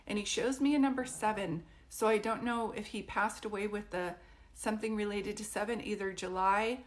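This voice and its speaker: A woman speaks in a mid-range voice during a live-stream psychic reading. Her manner is casual and reassuring. She keeps checking in with her listener to ask whether things make sense. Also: mid-range voice. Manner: warm, reassuring, frequently checks in with "do you know what I mean?".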